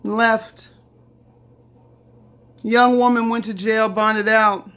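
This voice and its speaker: A woman's voice: fairly high pitch, flat delivery, very slow, pauses often, fairly bright tone. Heated, profane woman ranting on camera. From Lafayette, Indiana. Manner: heated, profane, repetitive, mocking quotes. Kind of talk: angry direct-to-camera rant.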